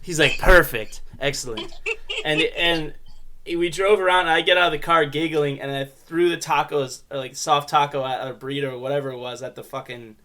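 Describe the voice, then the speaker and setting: A young adult man hosts a casual comedy podcast, drifting through profane, rambling stories. His voice sits slightly high. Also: steady tone, brisk, sharp tone. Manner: rambling, profane storytelling with laughs. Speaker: podcast host.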